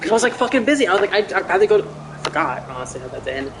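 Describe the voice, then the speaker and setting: A young man chatting casually over gameplay, rambling, excitable and swearing often. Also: sits high, very fast, over a noisy crowd. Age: young adult. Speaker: gamer chatting with a friend.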